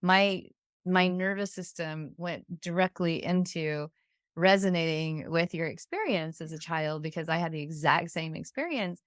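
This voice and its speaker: A woman's voice: fairly low pitch, measured pace, no room sound. Earnest middle-aged woman host, dry sound. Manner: earnest, explanatory, frequent "you know". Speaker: podcast host. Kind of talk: conversational interview.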